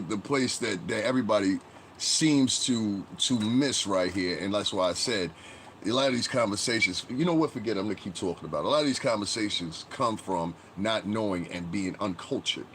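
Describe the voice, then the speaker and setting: A man's voice: lowish voice, slight background noise. A man hosting a casual live-stream commentary, rambling conversationally and greeting chat viewers as he talks. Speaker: livestream commentary host.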